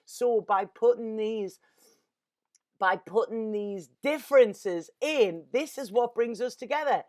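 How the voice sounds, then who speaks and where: A woman's voice: on the high side, slow pace, darkish tone. A woman, a tarot reader talking in an earnest, rambling, emotional way and often repeating her words. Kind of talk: casual spiritual monologue.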